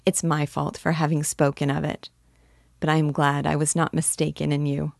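Woman voicing a gentle young woman, a little teasing, low and dry. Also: little pitch movement, moderate pace, vocal fry, no room sound. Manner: gentle, reassuring.

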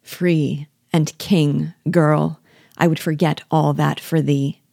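A woman's voice: low-pitched, little pitch movement, slow, gravelly, mellow, no echo, exaggerated voice. Brief: mysterious lovesick exile, mournful and brooding, voiced by a woman narrator, dry close sound. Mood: plaintive. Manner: plaintive, sorrowful, growing menacing. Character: mysterious man, a plaintive exiled former king.

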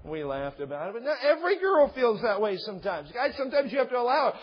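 A man preaching a sermon as pastor, animated, swinging between quiet asides and loud shouted points, quoting scripture and acting out stories. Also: very high voice, fast, in a large hall, muffled recording.

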